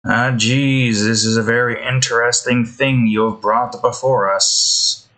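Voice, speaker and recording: A man's voice: medium pitch, steady tone, unhurried, bright, forceful tone. A man giving rambling gameplay commentary while building in a game, interrupting himself often and swearing. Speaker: game content creator. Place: indoors.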